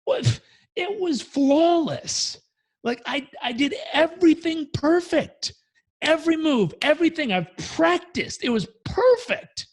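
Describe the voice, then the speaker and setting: A man voicing a frustrated martial arts student who protests in a high, exasperated voice. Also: animated, slow, heavily acted. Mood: indignant.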